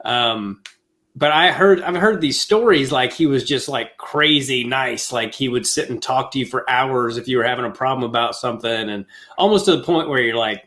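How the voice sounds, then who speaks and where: Bright-voiced laid-back male podcast host. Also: mid-range voice, normal speed. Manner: laid-back, profane, chuckling. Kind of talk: casual chat.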